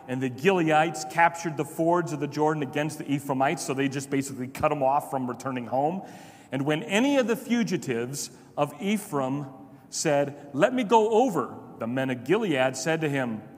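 A male pastor delivers a sermon, swinging from animated retellings to hushed low remarks. His voice sits a little high for a man. The sound carries a long reverb from a large hall. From Chicago. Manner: animated storytelling, drops to soft low asides.

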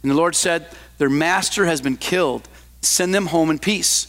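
A man reading the part of a stern, unyielding male prophet in a low, solemn delivery. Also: normal speed, fairly bright tone.

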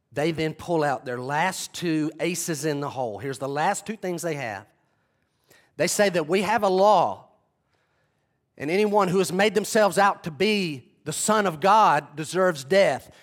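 Animated preacher man, higher voice. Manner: dramatic retelling, acting out quoted figures. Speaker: pastor. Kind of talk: sermon.

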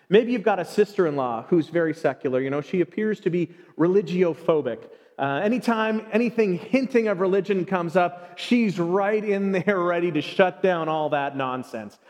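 A man giving a sermon in an animated way, often acting out short everyday exchanges. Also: sits high, normal speed. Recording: long reverb.

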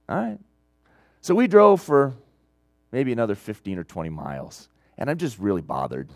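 Middle-aged male pastor, sermon delivery, lively up-and-down pitch, dry close sound. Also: moderate pace, no echo. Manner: storytelling, animated, swings between loud emphasis and quiet asides.

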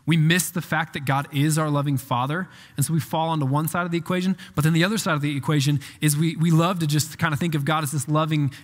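A man in his thirties preaching a sermon in a church, conversational and animated, with asides to the congregation. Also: on the high side, fast talker, hardly any pauses, in a large hall. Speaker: pastor.

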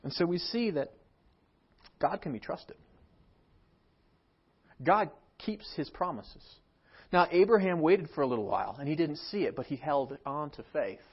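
A man preaching a sermon as pastor of a church, swinging from soft, quiet lines to emphatic, raised ones. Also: on the high side, expressive, measured pace, pauses often, slightly rough, highs cut off. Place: church sanctuary.

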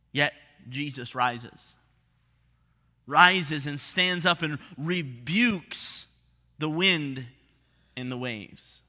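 A man preaching a sermon as pastor, expressive, dropping to hushed tones for emphasis. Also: fairly high pitch, in a large hall.

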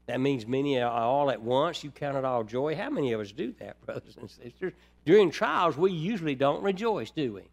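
A man preaching a sermon who addresses the congregation as brethren, moving between quiet, low passages and loud, emphatic ones. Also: big pitch swings, fairly quick, vocal fry.

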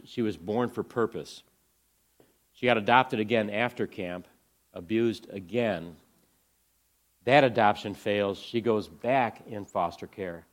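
A man giving an inspirational talk to a church audience, storytelling earnestly and swinging from hushed lines to excited ones. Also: lowish voice. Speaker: ministry speaker presenting to a church audience.

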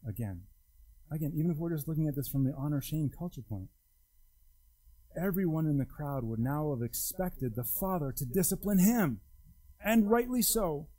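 A man's voice: lively intonation, normal speed, mellow, poor audio. A man preaching a sermon in a conversational, emphatic way, his voice rising and dropping widely. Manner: conversational, emphatic, wide pitch swings. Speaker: pastor.

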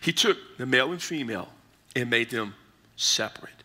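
A male pastor delivers a teaching sermon, building his explanation phrase by phrase. His voice is strikingly bright and edged with a husky grain, while his pitch sits in an ordinary middle range. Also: lively intonation. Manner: explanatory teaching, pausing between short phrases.

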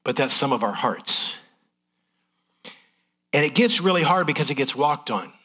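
A man's voice: mid-range voice, bright, forceful tone, breathy edge. A middle-aged man preaching a sermon in a folksy, candid, emotional way. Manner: folksy, transparent, emotional delivery.

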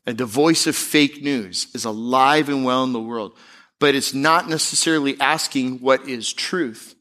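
A man pastor preaching a sermon, animated, slipping into mocking voices to make his points. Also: mid-range voice.

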